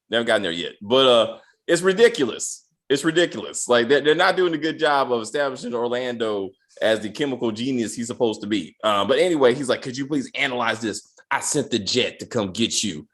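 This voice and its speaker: A man's voice: mid-range voice, fairly bright tone. A man hosting a casual review chat, joking and using loose slang. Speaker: podcast host reviewing a TV episode.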